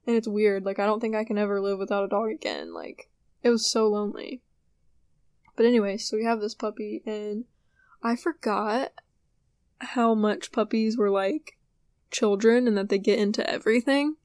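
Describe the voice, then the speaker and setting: A woman's voice: medium pitch, lively intonation, normal speed, a little mellow, no room sound. A sleepy young woman hosting a podcast, chatting casually and rambling about her day. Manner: chatty, rambling, yawning and apologizing. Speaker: podcast host. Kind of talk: casual solo podcast chat.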